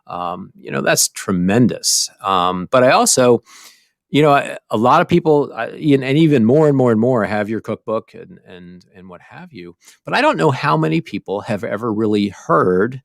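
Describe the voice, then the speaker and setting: A man's voice: medium pitch, expressive, moderate pace, vocal fry, no echo, clean studio sound. A man hosting a podcast, asking long, rambling questions with enthusiasm and plenty of fillers. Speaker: podcast host. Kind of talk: casual interview chat.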